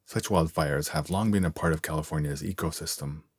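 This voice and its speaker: A man giving a measured, clear, scripted narration of an English-learning column. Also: rumbling low, dry recording.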